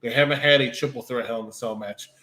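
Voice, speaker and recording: A man's voice: mid-range voice, fairly even intonation, fast talker, bright, forceful tone. A man co-hosting a casual wrestling review chat, matter-of-fact and teasing. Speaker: podcast co-host. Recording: echoey room.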